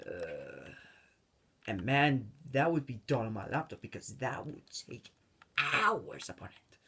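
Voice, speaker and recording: Rambling young man with a lively voice. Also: medium pitch, moderate pace, slightly rough. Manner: rambling and tangent-prone, with many fillers. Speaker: gaming channel host. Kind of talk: rambling let's-play commentary.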